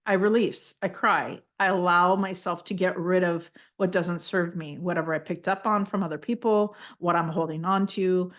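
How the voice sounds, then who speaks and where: Woman healer guiding a session, gentle and reassuring, slightly low voice. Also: steady tone, normal speed, few pauses. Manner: gentle, reassuring, often checks in with "okay?"; calls listener "honey". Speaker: spiritual energy healer. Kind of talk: guided healing session.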